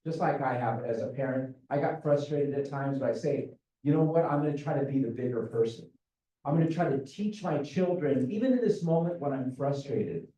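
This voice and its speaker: A man's voice: on the high side, dark tone. A man presenting to parents at a school meeting, earnest and repetitive, often asking rhetorical questions. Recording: echoey room, speaker far from mic.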